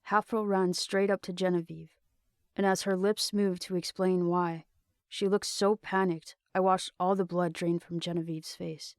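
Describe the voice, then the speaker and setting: Gravelly woman narrator, steady reading, dry close sound. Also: on the low side, unhurried, no echo. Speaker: audiobook narrator. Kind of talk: storybook narration.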